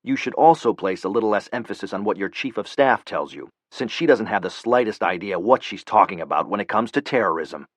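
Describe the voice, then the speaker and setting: A man's voice: fairly low pitch, lively intonation, brisk, few pauses, dry recording. A man voicing a blunt, furious male CIA operative who curses and speaks with cold anger. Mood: cold fury.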